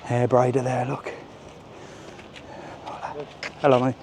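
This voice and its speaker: A man's voice: mid-range voice, monotone, fairly quick. Man, jokey live walk-and-talk vlogger, faint street noise behind. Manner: chatty, jokey, swears casually. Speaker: vlogger live-streaming a walking tour. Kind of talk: casual live walking commentary. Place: outdoors on a busy resort seafront. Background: faint street and traffic noise.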